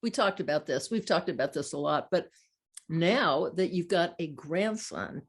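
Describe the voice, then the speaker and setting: A woman's voice: sits low, animated, a little slow, husky. An older woman hosting an interview, chatty and affirming, telling personal anecdotes as she talks. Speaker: host. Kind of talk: conversational interview.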